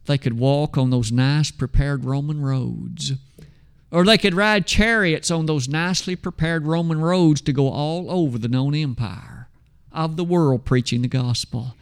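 A man preaching a sermon, emphatic, asking rhetorical questions and slowing down to stress scripture. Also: a little high, smooth.

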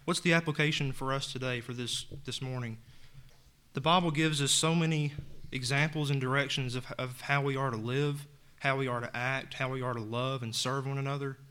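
A man's voice: medium pitch, steady tone, fairly quick, a bit bright, clear, resonant tone. A man preaching a sermon in an earnest tone, reading scripture aloud and retelling it in plain words.

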